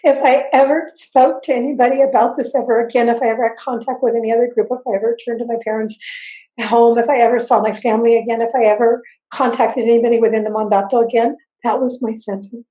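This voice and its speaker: An older woman giving intense, earnest personal testimony as an interview guest, halting and repeating herself. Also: fairly high pitch, fairly even intonation, dark tone. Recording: roomy echo.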